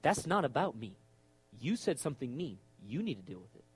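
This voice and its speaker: A man's voice: mid-range voice, sing-song, fairly quick, slightly rough. A middle-aged man, a pastor, preaching an emphatic sermon and acting out quoted voices.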